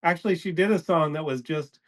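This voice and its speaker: A man's voice: a little high, brisk. Easygoing male podcast host chatting. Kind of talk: casual chat.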